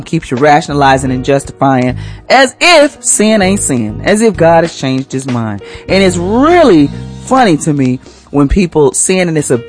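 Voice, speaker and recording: A woman who hosts a morning radio show, giving an inspirational talk as a church first lady in a colloquial, exhorting way. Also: sits low.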